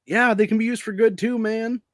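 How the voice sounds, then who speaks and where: An American podcast host delivers an angry political rant in casual, profane speech, peppering his lines with "dude" and "man." His voice sits high with fairly even intonation, a little fast, in clean studio sound with no room echo.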